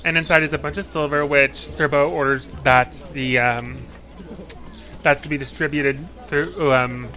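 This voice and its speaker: A man's voice: a little high, steady tone, measured pace, sharp tone. A man narrating as dungeon master, describing scenes in a loose, rambling way with fillers. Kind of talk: narrating a tabletop game.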